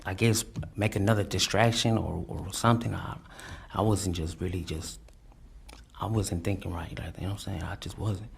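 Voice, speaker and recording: A young man testifying in court, halting and repetitive, with many fillers and restarts. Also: low voice, steady tone, gravelly, slightly rough. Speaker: defendant testifying.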